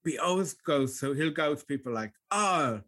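A man's voice: on the high side, quick pace. An Irish man co-hosting a podcast, chatting casually, self-mocking and swearing freely. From Ireland. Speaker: podcast co-host. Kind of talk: casual chat.

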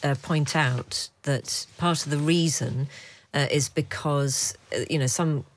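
A woman's voice: low voice, steady tone, slow pace. A woman co-hosting a podcast in casual chat, wry and chatty, with many small asides. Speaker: podcast co-host.

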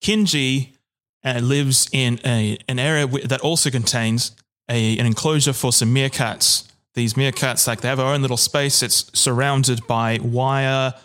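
A man's voice: mid-range voice, steady tone, measured pace, a bit bright. Dry, rambling young man. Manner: dry, rambling storyteller with restarts. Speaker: podcast co-host. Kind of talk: casual podcast chat.

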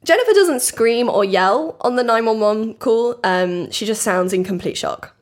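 A woman's voice: fairly high pitch, expressive, moderate pace. Chatty woman telling a story. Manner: chatty, laughs often, acts out quotes. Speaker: podcast host telling a true crime story. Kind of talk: casual chat and storytelling.

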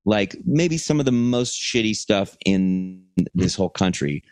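A man's voice: on the low side, lively intonation, measured pace, a little mellow, no room sound, faint music behind. A man from Texas co-hosting a podcast, telling a rambling, profane anecdote and acting out quotes in a casual chat. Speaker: podcast co-host.

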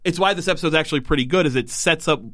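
A man co-hosting a podcast, casually recapping a TV episode in a rambling way, full of fillers, jumping up in pitch when quoting characters. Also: very fast, bright, forceful tone, no room sound, studio quality. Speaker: podcast co-host.

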